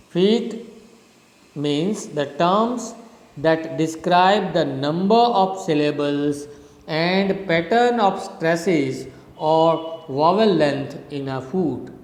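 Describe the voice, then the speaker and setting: A middle-aged man with an Indian English accent, teaching English literature in a recorded lecture, explaining carefully and checking with "okay?". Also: on the high side. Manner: explanatory, repeats points, frequent "okay?". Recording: roomy echo with long reverb.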